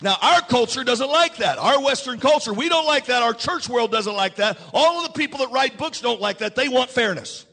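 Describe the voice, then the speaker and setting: Animated and speaking at normal speed with few pauses, a male pastor preaches in a strikingly high, bright voice touched with vocal fry. He repeats key lines, urges the congregation to respond, and builds to shouts, his voice echoing in a large hall's long reverb.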